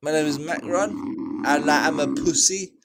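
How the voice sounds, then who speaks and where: A man's voice: fairly high pitch, unhurried, creaky, a crowd in the background. A drunk man mockingly putting on the voice of a self-pitying male politician. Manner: sneering mockery. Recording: noisy background.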